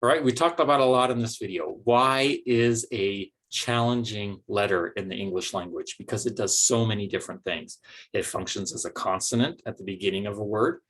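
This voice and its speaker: Man with a lowish voice teaching phonics. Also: brisk, fairly bright tone. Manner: patient, explains step by step with fillers. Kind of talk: recorded video lesson.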